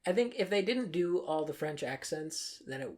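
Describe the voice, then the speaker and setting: A woman's voice: deep voice, expressive, normal speed, a little mellow. A young woman co-hosting a podcast in casual chat, talking with lots of fillers and laughing often. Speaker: podcast co-host.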